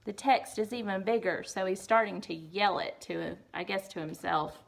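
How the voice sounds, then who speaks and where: A woman's voice: mid-range voice, moderate pace, gravelly, hardly any pauses. A woman reading a picture book aloud to children, stopping often for chatty, amused asides about the pictures. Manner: chatty, amused asides between read lines. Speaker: reader.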